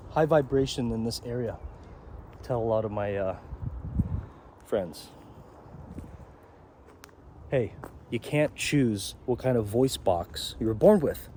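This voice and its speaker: Male self-help vlogger, mellow dark voice, rambling outdoor talk, faint background hiss. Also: medium pitch. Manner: rambling, asks "okay?" often. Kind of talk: walking outdoor vlog monologue. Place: outdoors beside a pond.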